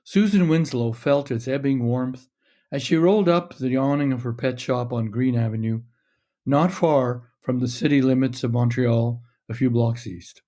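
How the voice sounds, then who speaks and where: A man reading his own short story aloud in a measured, steady narration. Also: medium pitch.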